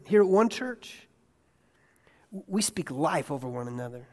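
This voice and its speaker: A male pastor preaching a conversational sermon in a church, asking his congregation questions and swinging between hushed asides and loud, excited bursts. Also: a little high, normal speed, long pauses. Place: church sanctuary. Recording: long hall reverb.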